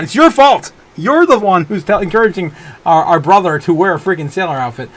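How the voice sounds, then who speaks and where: A man's voice: high voice, expressive, a little fast, gravelly, a bit bright. A man hosting a casual livestream, reading viewer chat and rambling, often breaking into helpless laughter. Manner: rambling, many fillers and restarts. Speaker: livestream host.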